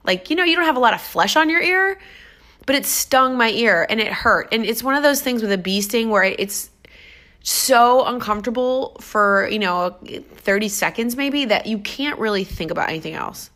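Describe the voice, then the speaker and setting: A woman's voice: fairly high pitch, moderate pace. A woman fitness trainer telling stories about her clients in a casual, enthusiastic vlog. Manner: upbeat, enthusiastic, animated storytelling.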